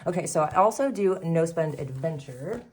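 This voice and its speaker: A woman with a deep, slightly mellow voice and lively intonation hosts a savings challenge vlog at a moderate pace. While doing crafts, she chats upbeat and casually with viewers, laughing often and a little out of breath. There's a bit of hiss or hum.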